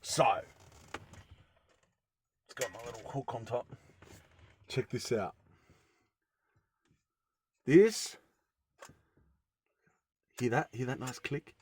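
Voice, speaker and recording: A man's voice: mid-range voice, very slow, long pauses, a little mellow, a little hiss or hum. Rambling, enthusiastic van-living man. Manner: rambling and enthusiastic, full of fillers. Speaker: vlogger. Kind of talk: casual show-and-tell vlog. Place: inside a van.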